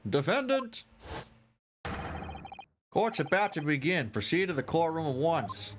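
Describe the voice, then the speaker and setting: A man voicing a gruff male court guard who barks orders. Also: on the high side, very animated, a little slow, pitched above the performer's own voice. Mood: barking. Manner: barking orders. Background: game music.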